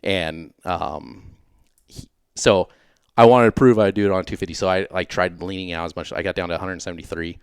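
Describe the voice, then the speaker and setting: A man's voice: deep voice, fairly even intonation, fairly quick, clean tone, no echo, clean studio sound. A man in his late thirties, a podcast guest, telling a long story in a laid-back, rambling way with many fillers. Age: late 30s. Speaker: podcast guest, former racer. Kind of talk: casual interview storytelling.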